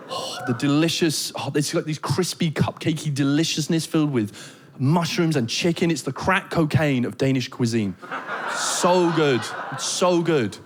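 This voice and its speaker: A British man doing a stand-up comedy set on a theater stage, telling animated stories full of comic voices and mock Danish. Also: on the high side, background noise. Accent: British English. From Britain. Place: theater stage before a live audience.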